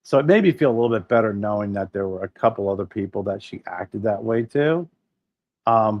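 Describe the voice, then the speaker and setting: A middle-aged man with a low voice tells animated, profanity-laced stories on a casual podcast. He acts out the people he quotes as he goes. The sound is dry and close. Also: no echo, lo-fi sound. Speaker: podcast co-host. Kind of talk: casual chat.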